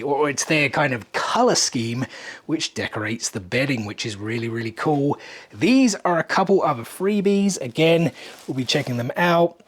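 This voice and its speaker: A young man hosting a casual vlog, walking through a hotel room with a handheld camera, chatty and excited and a little out of breath. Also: mid-range voice. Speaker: vlog host.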